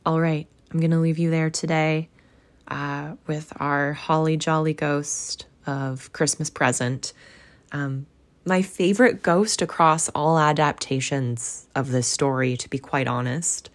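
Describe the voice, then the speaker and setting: An unhurried young woman with a low voice and fairly even intonation reads a classic story to her audience. Afterward, the audiobook reader and podcast host turns to casual chat, warm and encouraging, full of affection for her listeners.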